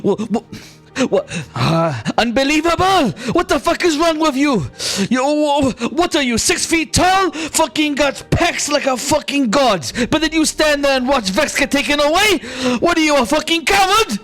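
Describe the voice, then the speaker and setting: A man voicing a hot-headed, crude male warrior who shouts and swears in a tabletop game. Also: very high voice, lively intonation, normal speed, soft background music, voice pushed up. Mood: furious.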